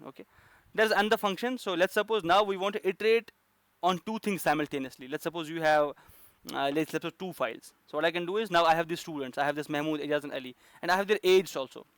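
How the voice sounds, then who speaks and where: A man's voice: fairly high pitch, fairly bright tone, no echo. A man teaching a coding lesson, explaining step by step with frequent fillers and restarts. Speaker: programming instructor.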